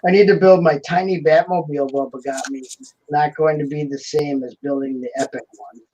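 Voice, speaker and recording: A man's voice: a little high, fairly even intonation, fairly quick, darkish tone, dull audio, a little hiss or hum. A man hosting a live building stream, chatting casually and jokingly while reading out viewer comments.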